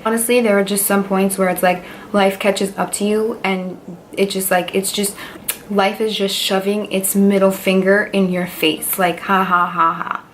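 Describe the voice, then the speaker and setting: A woman's voice: mid-range voice, a little hiss or hum. A woman in her twenties talking candidly to camera in a personal vlog, rambling and heartfelt, with lots of fillers. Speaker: beauty vlogger.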